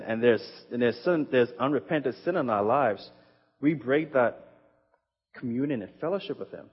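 Male pastor, husky, earnest sermon delivery; muffled recording. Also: mid-range voice. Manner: earnest, emphatic scripture reading with conversational asides. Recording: echoey hall, muffled sound.

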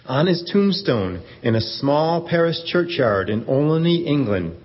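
A man narrating a story in a steady, earnest way, in a dull stage recording. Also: a little high, a little slow. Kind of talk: scripted narration. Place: church event stage.

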